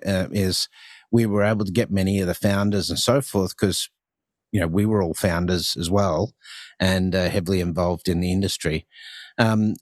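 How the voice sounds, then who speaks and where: Low-voiced Australian man, halting podcast chat. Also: no room sound, clean studio sound. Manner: hesitant, lots of ums and you-knows. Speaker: podcast host. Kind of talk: casual conversation on a podcast.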